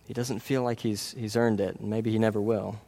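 A man's voice: fairly low pitch, flat delivery, brisk, creaky, dark tone. Earnest man preaching a sermon. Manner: earnest, conversational, frequent "right?" tags and restarts.

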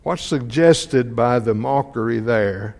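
Slow creaky-voiced male preacher. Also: mid-range voice, a little mellow. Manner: asks the congregation many questions; halting, repeats words and restarts. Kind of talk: sermon, reading and explaining scripture. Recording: long hall reverb.

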